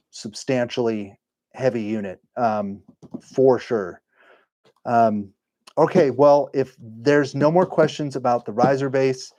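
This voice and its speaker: Man, casual live-stream host, mellow voice, dry close sound, self-correcting. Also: medium pitch, no room sound. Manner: rambling, self-correcting, chatty. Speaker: livestream host and engraving business owner.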